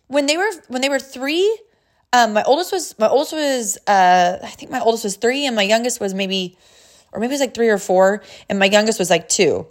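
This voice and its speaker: Animated woman coach telling a story. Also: a little high. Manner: energetic storytelling, often laughing. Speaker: life coach. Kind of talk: motivational talk to camera.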